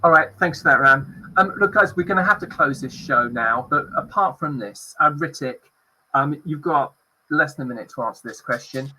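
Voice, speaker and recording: This man has a slightly high voice with a sharp, forceful edge. He hosts a panel discussion and moderates in a friendly, loose and chatty way. He speaks over a video call. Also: moderate pace, slightly rough, low-quality recording. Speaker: podcast host.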